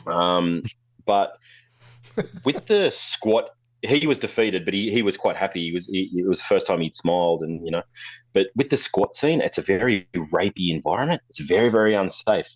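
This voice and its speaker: Australian man, low voice, quick and blunt, a bit lo-fi; raconteur photographer guest. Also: dry recording. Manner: blunt, swearing, animated storyteller. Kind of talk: casual storytelling interview.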